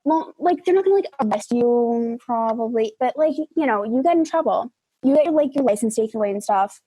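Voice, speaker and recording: A woman's voice: fairly high pitch, expressive, brisk, warm tone, breathy edge, no room sound, poor audio. A teenage girl from the United States co-hosting a podcast, talking in a laid-back way with lots of "like". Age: teens. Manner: laid-back, many likes. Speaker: podcast co-host. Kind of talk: casual chat.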